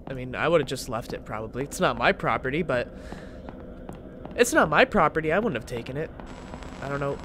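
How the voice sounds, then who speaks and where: A man's voice: mid-range voice, lively intonation, a little fast, long pauses, fairly bright tone, a little hiss or hum. A young man commentating a horror game he is playing, joking around, swearing and yelping at the scares. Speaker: gaming channel host.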